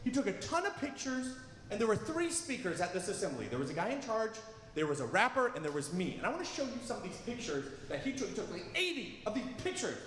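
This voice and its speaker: A young man doing stand-up comedy at a live event, telling self-deprecating stories with sudden shouts. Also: high-pitched, sing-song, quick pace, a little hiss or hum. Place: large hall, live event. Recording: long hall reverb from a live venue.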